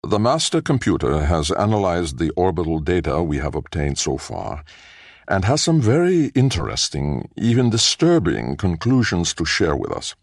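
A man's voice: low voice, big pitch swings, normal speed, no room sound, clean studio sound, heavily acted. A man voicing a dour chairman with a slightly nasal voice, opening a meeting in an audiobook. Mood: formal. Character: dour, lean older male chairman.

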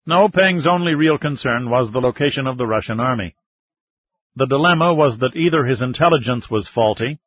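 A man reading a novel as scripted narration, in a steady, even storytelling manner, close to the mic. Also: medium pitch, slightly rough. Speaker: audiobook narrator. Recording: dull, slightly muffled audiobook sound.

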